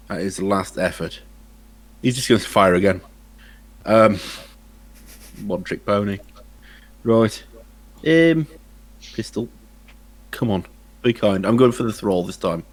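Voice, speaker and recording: A man's voice: on the low side, lively intonation, takes it slowly, pauses often. A man playing a tabletop game, describing his turn in a dry, muttering way. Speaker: player.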